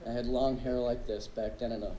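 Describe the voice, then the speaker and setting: A man's voice: mid-range voice, flat delivery, fairly quick, dark tone, slight background noise. Wry male drummer telling stories in an echoey club. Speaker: drummer telling a tribute story. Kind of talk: anecdotal storytelling speech. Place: live music club stage. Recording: echoey club with faint ambience.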